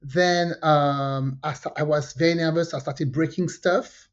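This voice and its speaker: Woman telling a story. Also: unhurried. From France. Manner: animated, jumps pitch when quoting people, frequent fillers. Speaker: podcast co-host. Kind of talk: casual storytelling chat. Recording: dull lo-fi podcast audio.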